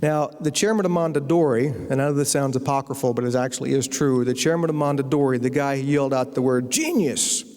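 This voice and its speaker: A man's voice: medium pitch, fairly even intonation, quick pace, few pauses, a little mellow. American man telling a comic lecture story. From United States. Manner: anecdotal, with comic timing. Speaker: guest lecturer and novelist. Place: university lecture hall. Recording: long reverb of a lecture hall.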